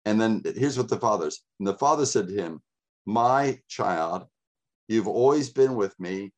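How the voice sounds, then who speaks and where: A man's voice: on the low side, expressive, normal speed. A middle-aged man preaching a sermon, reading scripture aloud and repeating key words with rising emphasis.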